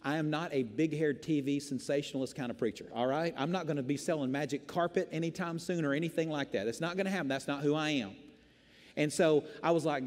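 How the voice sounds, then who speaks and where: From the pulpit, a male pastor delivers a storytelling sermon full of self-deprecating humor, in a fairly high, slightly mellow voice at a quick pace. He often restarts and repeats words, and long church-hall reverb trails after him.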